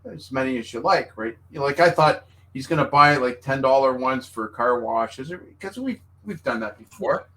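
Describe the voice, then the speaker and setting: A man hosting a podcast, talking in a relaxed, conversational way and starting an anecdote of his own. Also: medium pitch, normal speed, hardly any pauses, poor audio. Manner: relaxed, conversational, frequent short agreements. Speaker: podcast host.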